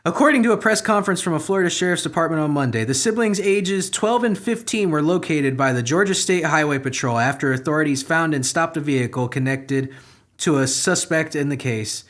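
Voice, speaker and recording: Reading the news aloud on his comedy podcast, a young man keeps veering into sarcastic, profane, exasperated remarks, alternating between muttering and outbursts. He speaks briskly in a slightly high, fairly bright voice.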